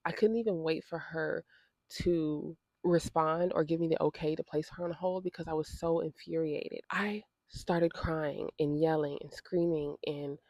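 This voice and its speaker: A woman's voice: sits low, fairly even intonation, measured pace, darkish tone, no room sound, highs cut off. A woman vlogger telling a personal story in a direct, indignant and emotional way, often repeating her phrases for emphasis. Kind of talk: storytime vlog.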